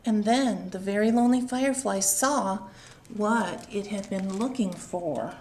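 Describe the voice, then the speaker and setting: A woman, a children's librarian, reading a picture book aloud at home, slow and expressive, pausing to ask the young listeners questions. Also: a little high.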